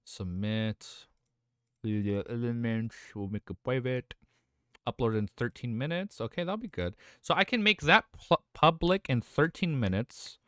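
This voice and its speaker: A man's voice: medium pitch, expressive, a little slow, a bit bright, no echo, studio quality. A young adult man live-streaming, chatting casually, rambling and swearing as he reads chat aloud.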